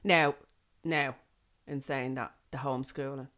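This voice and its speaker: An Irish woman chatting casually and telling animated stories, acting out the people she quotes. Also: a bass voice, unhurried. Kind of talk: casual chat.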